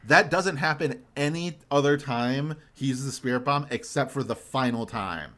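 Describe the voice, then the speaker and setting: A man's voice: mid-range voice, normal speed, bright, forceful tone. A young man hosting a podcast in casual chat, ranting animatedly and swearing for emphasis. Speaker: podcast host.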